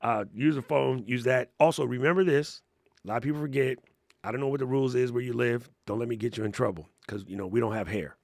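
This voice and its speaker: A man hosting a casual live Q&A, talking in a slangy, excitable way and laughing often. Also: medium pitch, fast talker, creaky, no echo, studio quality. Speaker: livestream host.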